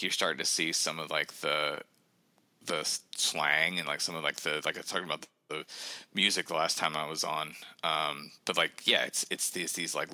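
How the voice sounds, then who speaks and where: A man's voice: low voice, sharp tone, dry recording. A man in his thirties, a guest author in a casual podcast chat, rambling with self-deprecating humor.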